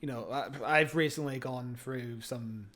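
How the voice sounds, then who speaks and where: A man co-hosting a podcast, chatting in an animated, casual way, laughing often and swearing freely. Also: mid-range voice, a little slow. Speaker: podcast co-host. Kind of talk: casual review chat.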